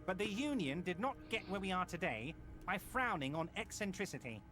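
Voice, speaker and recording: An actor voicing a smooth, ingratiating older male union boss in a video game, played over music. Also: sits high, big pitch swings, fairly quick. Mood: schmoozing. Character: scheming jovial old male union boss.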